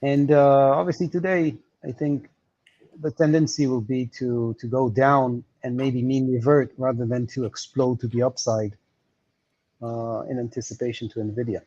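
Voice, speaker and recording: A man's voice: medium pitch, level tone, normal speed, dark tone, muffled recording. Hesitant man explaining market levels. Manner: explanatory, hesitant with many fillers. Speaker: market analyst guest. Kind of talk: livestream market analysis.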